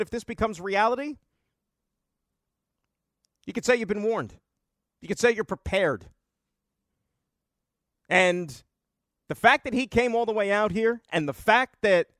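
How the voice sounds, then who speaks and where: A man's voice: high voice, fairly bright tone, no room sound, clean studio sound. A man hosting a sports talk radio show, arguing his points emphatically and repeating numbers for effect.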